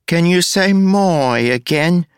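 A man's voice: lowish voice, lively intonation, slow pace, a bit bright, dry recording, clean studio sound. A man voicing a smug female villain who taunts and mocks her rival. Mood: mocking. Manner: mocking, taunting. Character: gloating female villain clone, cold and smug.

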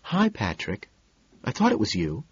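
A man voicing a friendly, eager young woman neighbor, soft and a bit nervous, in an audiobook reading. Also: medium pitch, wildly swooping pitch, unhurried, slightly rough, dry recording, lo-fi sound, voice pushed up, heavily acted.

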